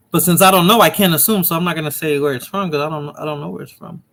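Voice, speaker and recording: Guy with a high voice chatting on his stream, easygoing, laughs a lot. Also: fast talker, vocal fry, a bit bright. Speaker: live stream host. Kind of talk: casual live-stream chat.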